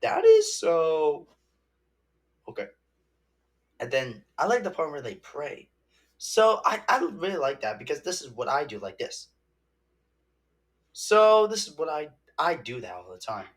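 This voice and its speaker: A young man giving a casual movie review, rambling and halting with many restarts and fillers. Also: fairly high pitch, sing-song, a bit bright.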